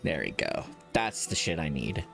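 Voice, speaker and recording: A man's voice: extremely low pitch, sing-song, moderate pace, creaky, bright, forceful tone, soft background music. A man giving casual gameplay commentary, joking, self-mocking and swearing as he reacts to the game. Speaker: gaming streamer.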